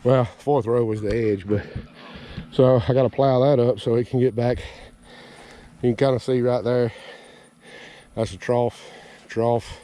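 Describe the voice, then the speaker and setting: A man talks to the camera while working outdoors in a garden field, out of breath and chatty. His delivery rambles in a folksy, self-deprecating way, with a voice of ordinary middle pitch. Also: fairly even intonation, normal speed, pauses often, dark tone. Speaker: homesteading vlogger. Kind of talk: casual outdoor vlog narration.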